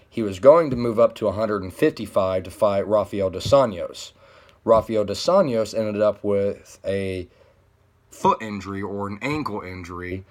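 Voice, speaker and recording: A man with a fairly low voice talks through the latest fight news in a relaxed, rambling way. He drifts off on tangents and circles back to his point. It sounds like an unscripted video chat. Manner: rambling, loose, full of asides. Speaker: MMA commentary vlogger. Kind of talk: casual commentary.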